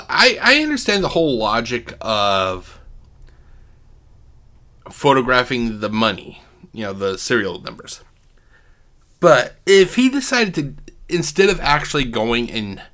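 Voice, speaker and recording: Bright-voiced man rambling casual commentary. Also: mid-range voice. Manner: rambling, profane, thinking aloud. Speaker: host.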